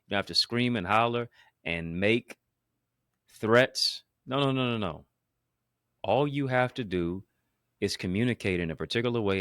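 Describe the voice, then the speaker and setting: A man's voice: lowish voice, normal speed, long pauses, fairly bright tone, clear, resonant tone, no echo, studio quality. A man hosting his own show, delivering a motivational talk with an emphatic, preacher-like cadence full of repetition and wordplay. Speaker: motivational speaker and show host.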